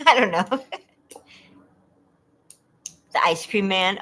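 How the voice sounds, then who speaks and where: A woman's voice: mid-range voice, animated, extremely slow, a bit bright. A woman from California hosting a casual trivia livestream, chatty and giggling often as she reads questions and talks to viewers.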